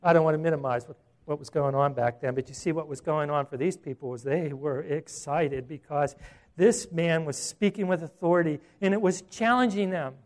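Male pastor, sermon delivery, conversational and animated, voice a bit high. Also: normal speed. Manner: animated and conversational, with rhetorical questions.

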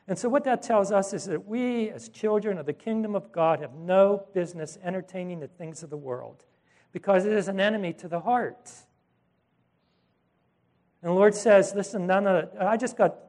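A man delivering a sermon, pitched a little higher than most men. He speaks in an animated, conversational style, breaking into asides and correcting himself as he retells scripture. He acts out the voices of the people in the stories. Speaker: pastor.

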